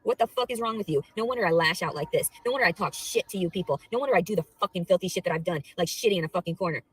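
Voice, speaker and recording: A young adult woman vlogging a profane, rambling rant, swearing constantly and swinging between low murmurs and loud outbursts. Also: rapid-fire, husky, rough recording.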